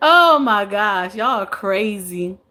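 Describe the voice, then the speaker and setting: A woman's voice: mid-range voice, lively intonation, slow, bright, forceful tone. A woman in her forties hosting a casual live stream, chatting playfully with viewers, reading their comments, and laughing often. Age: 40s.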